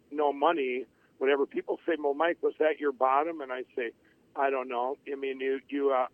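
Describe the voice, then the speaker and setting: Middle-aged male guest on a phone line, higher voice, dry close sound, rambling storyteller. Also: no room sound. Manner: rambling, with many restarts and acted-out quotes. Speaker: interview guest. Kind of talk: telling his life story in an interview. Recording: tinny phone-line audio.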